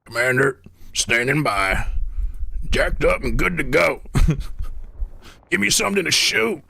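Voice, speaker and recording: A rough, gravelly space marine, eager for a fight, as a gamer puts him on. He drawls slowly and sings up and down, and the sound is bright, strained and dry with no room at all. It carries a husky grit. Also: fairly high pitch, animated, no room sound, pitched above the performer's own voice, heavily acted. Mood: gung-ho. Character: gruff gung-ho male space marine soldier.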